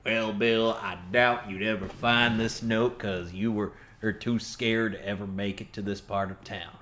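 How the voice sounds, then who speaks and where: A man's voice: on the low side, fairly even intonation, measured pace, slight background noise. A man voicing a bitter rural man reading out his farewell note, in a put-on Southern drawl. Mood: spiteful. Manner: loud, drawling and spiteful.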